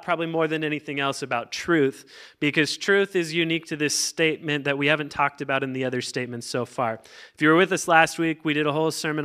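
A man's voice: a little high, bright, forceful tone, clean tone. A man preaching a casual, joking sermon as pastor, full of fillers and restarts. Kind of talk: conversational sermon.

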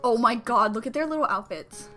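A woman hosting a reaction vlog, talking casually and gushing with excitement, full of exclamations. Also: fairly high pitch, a little fast, faint music behind. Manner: gushing, exclamatory, squealing with delight. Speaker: reaction video host.

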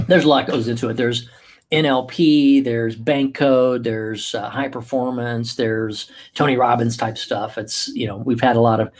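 Husky, upbeat male livestreamer. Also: medium pitch. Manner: upbeat, playful, chatty, with many fillers. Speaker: podcast host and life coach. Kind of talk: casual livestream chat.

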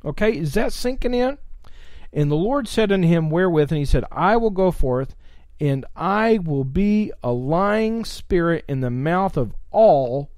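Lively man teaching the Bible online. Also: on the high side, unhurried, no echo, clean studio sound. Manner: animated, reads scripture aloud with asides.

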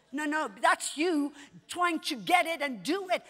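A woman preaching a sermon at a conference, swinging between hushed, intimate lines and emphatic shouts. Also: extremely high pitch, moderate pace, long reverb tail. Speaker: conference speaker. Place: conference hall.

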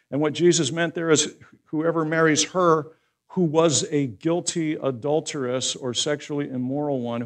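A male pastor giving a conversational sermon that builds into loud, emphatic preaching. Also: mid-range voice, creaky.

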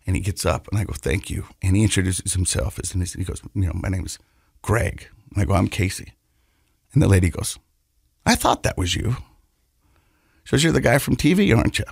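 A man's voice: low-pitched, animated, fairly quick, gravelly, husky, dry recording. Dry-voiced man telling a rambling story. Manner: rambling, repeats words, laughs while telling; earnest, reflective. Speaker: podcast co-host. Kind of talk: casual storytelling.

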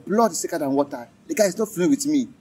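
A man's voice: a little high, animated, racing, mellow, husky. A young Nigerian man in a street interview, talking angrily and emphatically, repeating himself. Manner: angry, emphatic, repetitive.

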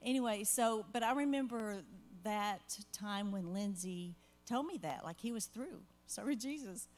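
A woman's voice: medium pitch, measured pace, darkish tone, soft background music. Earnest older woman giving parenting advice. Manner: earnest, heartfelt, rambling with asides. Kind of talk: church Q&A conversation.

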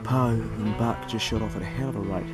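A man's voice: fairly low pitch, steady tone, a little fast, loud music behind the voice. An older man with a New Zealand accent, chatting casually while hunting outdoors with his dogs. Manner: laid-back, chatty, bursts into loud praise for his dogs. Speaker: pig hunter and channel host. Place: outdoors in hill bush country.

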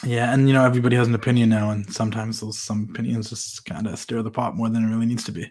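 A man's voice: mid-range voice, fairly even intonation, darkish tone. A man hosting a casual interview, agreeing readily and adding his own brief thoughts. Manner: agreeable, quick affirmations. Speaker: interview host.

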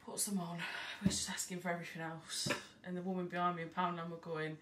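A woman's voice: on the low side, little pitch movement, brisk, hardly any pauses, fairly bright tone. A woman, rambling and swearing freely in a casual haul vlog recorded at home. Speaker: vlogger. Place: at home by an open window. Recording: distant mic, faint background noise.

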